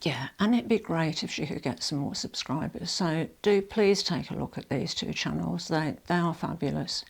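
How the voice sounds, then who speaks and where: A woman's voice: sits low, normal speed, vocal fry, few pauses, breathy edge. An older retired woman chatting casually to camera as a fashion vlogger, rambling and correcting herself as she goes. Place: at home.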